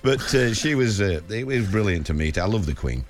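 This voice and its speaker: A man's voice: on the low side, very animated, normal speed. A man in his seventies with a Sheffield accent, chatting as a radio guest, rambling and telling anecdotes. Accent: Sheffield, Yorkshire. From England. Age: 70s. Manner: chatty and rambling, with dialect grammar. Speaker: football manager guest. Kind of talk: casual radio chat.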